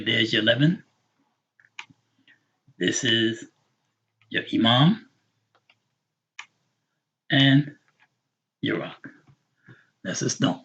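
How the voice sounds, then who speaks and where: A man with a husky, breathy voice leads an online class and repeats each word slowly and patiently for his students. The sound is dull and lo-fi. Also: on the low side, a bit bright. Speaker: Arabic teacher. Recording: dull lo-fi recording.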